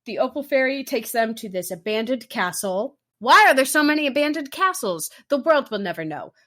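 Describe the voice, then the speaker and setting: A woman's voice: fairly high pitch, very animated, fairly quick, fairly bright tone. A woman host recapping a story in casual chat, rambling and sarcastic with many fillers. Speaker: podcast host.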